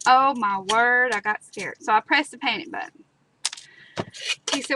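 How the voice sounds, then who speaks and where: Her voice is on the high side and unhurried. This craft video host chats and spins stories with dramatic repetitions as she demonstrates a project during a live stream, with background noise clearly audible.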